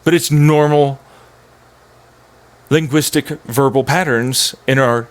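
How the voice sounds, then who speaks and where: A man's voice: medium pitch, slow. A man ranting in a casual, profane, rambling monologue as a streamer, often slipping into mocking voices.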